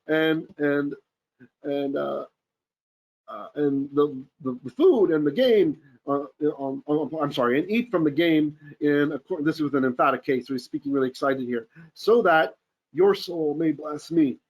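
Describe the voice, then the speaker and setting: A man's voice: fairly high pitch, normal speed, dull audio. A man teaching a verse-by-verse Torah class, reading Hebrew aloud and then explaining it eagerly, often checking in with his listeners.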